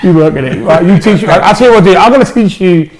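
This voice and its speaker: A man's voice: high voice, very fast, a little mellow. A man with a Cockney accent, a stand-up comedian co-hosting a podcast in casual, jokey banter. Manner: jokey, slangy, laughs often.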